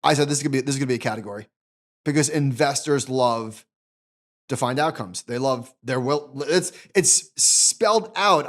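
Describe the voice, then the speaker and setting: A man co-hosting a finance podcast, chatting casually, animated and restarting sentences often. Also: mid-range voice, normal speed. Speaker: podcast co-host.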